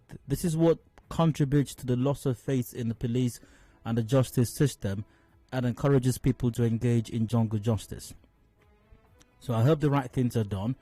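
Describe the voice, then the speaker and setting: Man, Nigerian accent, radio talk host, measured commentary, fillers and restarts, dry studio voice. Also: medium pitch, mellow, no echo.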